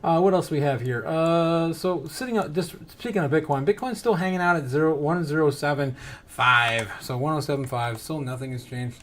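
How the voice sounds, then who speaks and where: A male livestream host with a notably high voice talks casually and excitedly. He laughs often, reads chat messages aloud and jumps between topics. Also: normal speed, a little hiss or hum.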